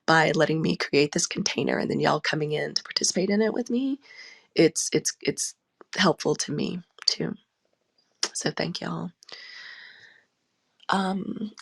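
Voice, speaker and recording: Casting: woman tarot host, lowish gravelly voice, chatty, laughs often, calls the audience y'all. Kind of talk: live audio tarot session chat.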